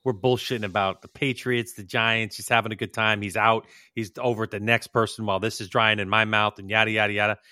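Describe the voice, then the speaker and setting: Bright-voiced joking male podcast co-host. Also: fairly low pitch, flat delivery, fast talker, hardly any pauses, smooth, dry recording, clean studio sound. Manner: joking, teasing banter. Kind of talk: casual chat.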